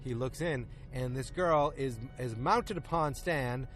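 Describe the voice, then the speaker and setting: A man's voice: mid-range voice, fairly bright tone, faint music behind. Man casually recapping a TV episode. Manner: retells scenes by acting out lines in quick quotes. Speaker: podcast host. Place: outdoors in a park.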